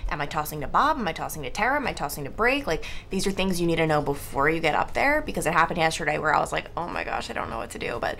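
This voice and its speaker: A woman TV news anchor talking casually and reading the news, chatty and quick to giggle, often saying "like". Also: low-pitched, animated, vocal fry, a bit bright, a little hiss or hum. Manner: chatty, giggly, says "like" a lot. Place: TV news studio.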